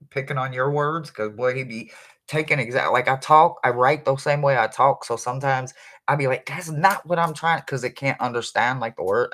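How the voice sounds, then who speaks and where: A psychic reader giving a casual, rambling live reading for viewers, chatty and quick to laugh, with informal slang. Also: mid-range voice, a bit bright.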